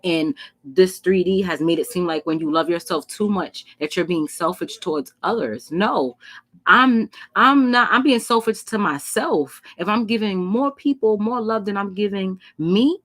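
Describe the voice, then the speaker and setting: A young adult woman giving a casual tarot reading, talking in a blunt, profane and animated way. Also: medium pitch, unhurried. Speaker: tarot reader.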